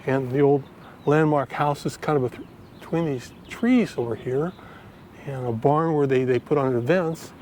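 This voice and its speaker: Walking through a park, a finance vlogger films on a handheld phone, rambling and chatty with lots of fillers. His warm, medium-pitched voice moves at normal speed, with slight background noise.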